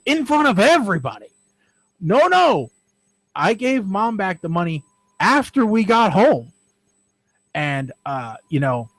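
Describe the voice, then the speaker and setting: A man's voice: high voice, no echo, low-quality recording. A man in his forties co-hosting a casual radio show, telling a childhood story in a rambling, self-deprecating way. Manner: rambling, self-deprecating, frequent "all right". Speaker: podcast co-host.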